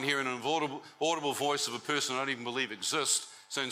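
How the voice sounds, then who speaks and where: A man tells his testimony to a church crowd. His voice is strikingly bright and cutting, and he tells the story in a lively way, teasing the audience as he goes. A faint hum sits under the live recording. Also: medium pitch, fast talker, hardly any pauses, poor audio. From New Zealand. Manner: animated storytelling with crowd banter. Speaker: speaker giving a testimony.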